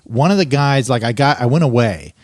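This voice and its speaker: A young man on a podcast telling a story in casual chat, acting out quotes in a raised, animated voice. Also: medium pitch, fairly quick, no echo, clean studio sound. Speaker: podcast co-host.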